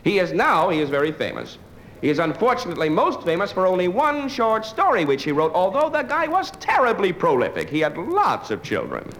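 A stand-up comedian performs live in a club, dry and digressive as he banters with the crowd. His high voice swoops wildly in pitch at a fairly quick pace, and the recording is noisy.

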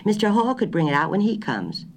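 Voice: medium pitch, sing-song, a little fast, gravelly, voice pushed up. A reader voicing a patient older wife who speaks politely and placatingly, raising her voice a little, in a storybook reading. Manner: polite, placating, slightly raised voice.

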